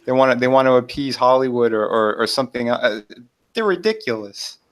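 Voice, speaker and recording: A man's voice: medium pitch, fairly quick. A man joining a live stream as a guest, speaking plainly and agreeing with the host. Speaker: livestream guest. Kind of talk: casual livestream chat.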